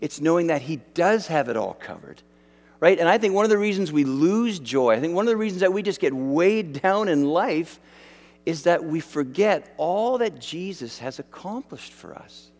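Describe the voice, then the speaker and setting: A male pastor delivers a sermon in a lively, swooping voice that sits a little high for a man. He talks casually to his congregation, circling back and restarting his phrases. His words ring out with a long echo through the church hall. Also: moderate pace. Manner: conversational, animated, many restarts and fillers.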